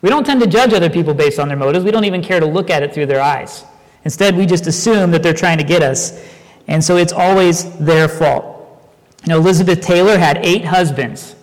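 A man preaching a sermon, talking conversationally and telling stories with animated asides. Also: high-pitched, long reverb tail. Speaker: pastor.

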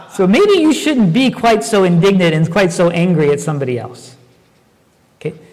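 A man preaching a sermon, talking conversationally and telling stories with animated asides. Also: sits high, big-room sound. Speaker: pastor.

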